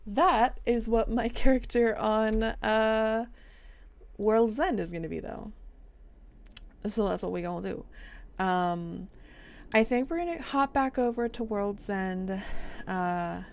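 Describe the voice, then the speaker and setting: A woman's voice: on the high side, slow pace, pauses often. A woman streamer chatting casually about her role-play character, rambling and laughing often.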